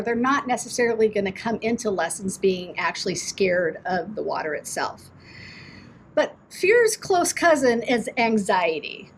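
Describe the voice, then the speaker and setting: A woman's voice: a little high, a little hiss or hum, poor audio. A woman swim instructor giving parents earnest, encouraging advice in a direct, explanatory talk.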